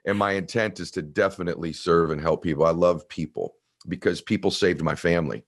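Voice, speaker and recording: A man in his fifties with a deep voice, telling a personal story in an earnest, heartfelt way during an interview. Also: a little fast. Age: 50s. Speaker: guest author. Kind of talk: emotional storytelling in conversation.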